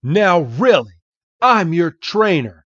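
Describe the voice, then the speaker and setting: A man's voice: high voice, big pitch swings, takes it slowly, fairly bright tone, no echo, pitched above the performer's own voice, full character voice. A man voicing a fussy, doting old male professor who coaxes and chuckles, in a dull, dry recording. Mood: flustered.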